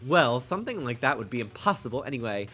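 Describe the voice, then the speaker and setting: Stuffed-up male streamer, lively delivery, reads game text, playful and joking. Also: mid-range voice, fast, faint music behind. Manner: playful, stumbling over words, joking asides. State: stuffed up, congested. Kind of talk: reading game dialogue aloud on a stream.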